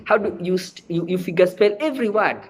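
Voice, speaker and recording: A Kenyan sign language teacher with a high voice presents a televised lesson at a fairly quick pace. He repeats things and often checks that viewers follow along.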